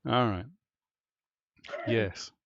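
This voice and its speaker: A man's voice: lowish voice, extremely slow, vocal fry, no echo. A man hosting a casual podcast panel chat, rambling and jokey with laughing asides, on a dry, dull, lo-fi recording. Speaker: podcast host.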